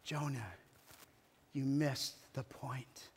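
A man's voice: medium pitch, fairly even intonation, very slow, breathy edge, in a large hall. A male pastor preaching a sermon in a church, telling the story emphatically with dramatic rises and falls. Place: church hall.

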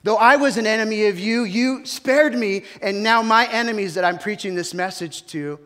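A man voicing an emotional, petulant ancient male prophet, loud and theatrical, exclaiming his lines. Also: high voice, moderate pace, big-room sound, voice pushed up. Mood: elated.

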